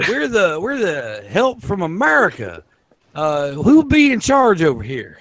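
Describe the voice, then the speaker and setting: A man's voice: high voice, huge pitch swings, measured pace, no room sound, full character voice. Man playing a brash flirty American rescuer. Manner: loud, cocky, flirty.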